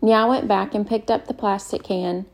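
A woman reading a novel aloud as an audiobook narrator, calm and measured. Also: medium pitch. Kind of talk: scripted narration.

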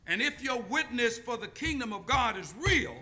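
Bright high-voiced male preacher. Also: big pitch swings. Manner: call-and-response, deliberate pauses. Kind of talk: sermon with storytelling.

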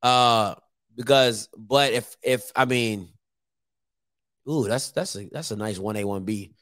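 A man's voice: medium pitch, takes it slowly, fairly bright tone, dry recording, clean studio sound. A man hosting his own YouTube show, chatting casually and teasing viewers, with lots of fillers. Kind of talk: casual live-stream talk.

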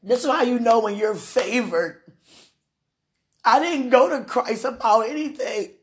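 A woman speaking a heartfelt, tearful prayer and personal message, halting between soft laughs and sighs. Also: on the high side, a little hiss or hum.

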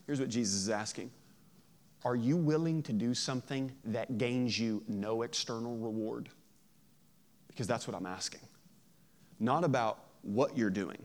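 A man preaching a sermon in a lively, joking way, acting out quoted voices. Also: mid-range voice, moderate pace. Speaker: pastor.

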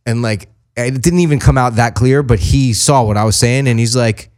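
Animated, profane man telling stories. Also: medium pitch, a little fast. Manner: animated, profane, acts out quotes in voices. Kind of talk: casual storytelling chat.

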